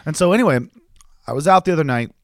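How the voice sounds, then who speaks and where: A young man telling a story in a lively, swooping voice, acting out quoted people as he goes. The sound is dry and close, with no room around it. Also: fairly high pitch, rapid-fire, no room sound. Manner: animated, acts out quoted voices. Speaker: podcast co-host. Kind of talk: casual storytelling chat.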